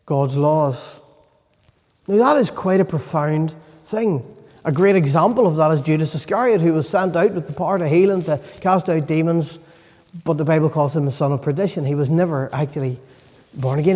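High-voiced man preaching in a reverberant hall. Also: warm tone. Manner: earnest, emphatic, pausing for stress. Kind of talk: sermon. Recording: long reverb of a large hall.

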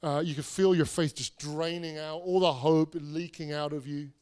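A man's voice: a little high, steady tone, moderate pace, a little mellow. A man, preaching a sermon in a conversational storytelling way, with restarts and self-deprecating asides. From England. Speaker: pastor.

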